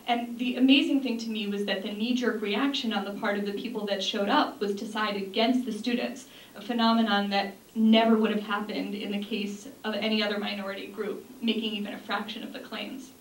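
A woman's voice: mid-range voice, level tone, a little fast. A young woman giving an earnest talk to an audience, with frequent ums and restarts. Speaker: speaker. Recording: echoey room from a distance, faint noise.

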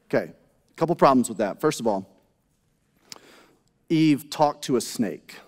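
A man's voice: medium pitch, animated, unhurried. A man preaching a sermon as pastor, conversational, with rhetorical questions and asides to the congregation. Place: church sanctuary. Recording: long hall reverb.

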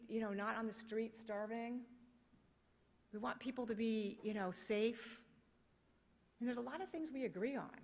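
A fairly high-voiced American woman delivering a conference keynote, fired up and emphatic, firing off rhetorical questions. Her voice rings out with the long reverb of a big hall. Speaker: keynote speaker.

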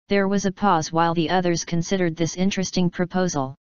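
Brief: lowish female narrator, crisp and smooth, dry, slightly dull recording. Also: fairly even intonation, moderate pace, few pauses, dry recording. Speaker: audiobook narrator. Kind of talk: scripted story narration.

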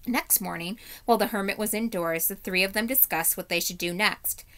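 A woman teacher reading a children's novel aloud in steady, clear storytelling narration. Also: medium pitch, fairly quick.

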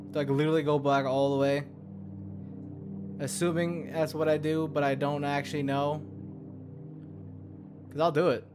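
A young man giving profane, rambling gameplay commentary, muttering to himself and yelping in alarm now and then. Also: on the high side. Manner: swears a lot, mutters to himself, sudden yelps of alarm. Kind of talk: profane let's-play commentary.

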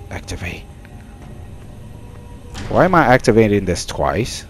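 Excitable man narrating a horror game. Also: medium pitch, takes it slowly, pauses often, soft background music. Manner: excitable, jokey, frequent startled exclamations. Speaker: gaming channel host. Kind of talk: casual let's-play commentary.

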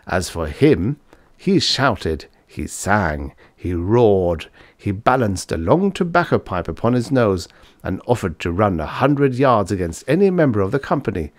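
A man narrating a vintage story audiobook with expressive, scripted delivery. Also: fairly low pitch, unhurried, no echo.

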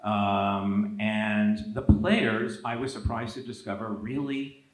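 Low-voiced man telling stories in an echoey hall. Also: slow pace. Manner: storytelling with lively quoted asides. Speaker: author. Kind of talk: conversational talk at a public event. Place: event hall.

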